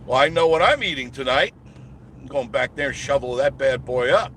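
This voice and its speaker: A man with a mid-range, slightly bright voice talks a little fast while livestreaming from his car. As the channel host, he rambles to viewers in a folksy style over the sound of the car and road.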